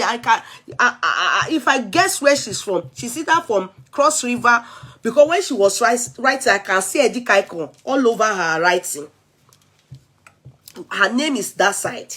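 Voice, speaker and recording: A woman's voice: fairly high pitch, sing-song, moderate pace, fairly bright tone. A woman from Nigeria with a Nigerian English accent, chatting casually on her vlog and mixing in Yoruba and pidgin. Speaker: vlogger. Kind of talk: casual chat.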